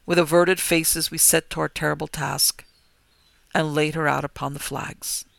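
Gravelly, bright-toned male storyteller. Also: on the high side, little pitch movement, no room sound. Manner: measured, grave, rising to forceful cries. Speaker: narrator. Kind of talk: dramatic gothic story reading.

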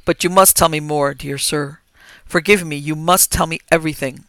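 A man plays an anxious police chief in a storybook, pressing with urgent, insistent questions. His voice is gravelly and forceful, and it sits a little high in pitch. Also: steady tone, moderate pace, no room sound.

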